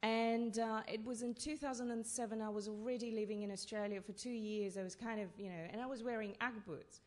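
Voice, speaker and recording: Halting woman telling stories. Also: fairly high pitch, fairly even intonation. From Russia. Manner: halting, with many fillers and restarts. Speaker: playwright on a panel. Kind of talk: storytelling on a festival panel. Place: festival talk session in a hall.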